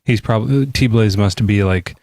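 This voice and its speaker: A man hosting a live call-in podcast who chats in a relaxed, rambling way, with laughs and fillers. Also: on the low side, moderate pace, no echo, studio quality. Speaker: podcast host. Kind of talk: casual live-stream chat.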